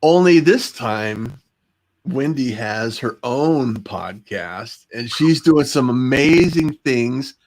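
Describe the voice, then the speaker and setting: A man's voice: medium pitch, lively intonation, takes it slowly, low-quality recording. A man hosting an interview show in casual chat, upbeat and encouraging with his guest. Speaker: host.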